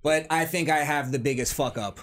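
A man's voice: on the high side, fairly quick, a bit bright. A man hosting a casual podcast among friends, announcing awards in a playful, mock-grand way and stretching out his phrases. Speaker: podcast host.

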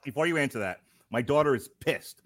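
A middle-aged man chats on a movie-review podcast, his pitch leaping up and down as he gets excited. He rambles with plenty of fillers and laughs easily. The sound is close and dry. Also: brisk, no echo. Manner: rambling storyteller with many fillers. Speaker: podcast co-host. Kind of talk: casual movie-review chat.

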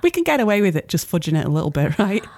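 A woman's voice: fairly low pitch, sing-song, very fast, a little mellow, no echo, studio quality. A woman voicing a stressed young adult daughter, frazzled and sweary.

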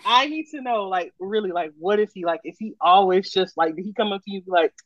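A woman's voice: mid-range voice, fast, dry recording, dull audio. A woman interviewer asking casual, slangy questions.

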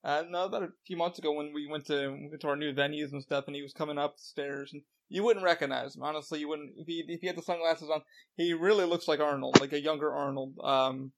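A man's voice: on the high side, steady tone, fast talker, a little hiss or hum. A man hosting a podcast, chatting casually in a rambling, storytelling way with many fillers. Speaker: podcast host. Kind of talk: casual interview chat.

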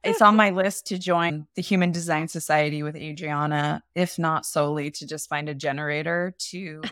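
A woman's voice: low-pitched, steady tone, normal speed, fairly bright tone, dry recording, clean studio sound. A woman co-hosting a podcast who talks in a casual, effusive and emotional way. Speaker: podcast co-host. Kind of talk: casual chat.

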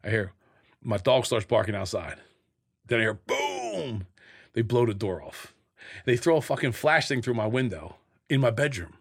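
Husky-voiced man telling blunt, profane stories. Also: medium pitch, normal speed. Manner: profane, blunt, animated storyteller acting out scenes. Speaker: interview guest. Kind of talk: candid storytelling in a sit-down interview.

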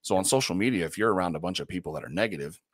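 A man who hosts a radio morning show, a guest in an interview, telling faith stories in an earnest, animated way, often restarting and laughing. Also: deep voice, rapid-fire, no echo, studio quality. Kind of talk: faith-centered interview storytelling.

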